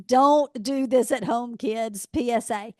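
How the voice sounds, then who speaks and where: A woman co-hosting a podcast in casual chat, an animated storyteller who laughs often. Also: fairly high pitch, takes it slowly, no echo, studio quality. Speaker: podcast co-host.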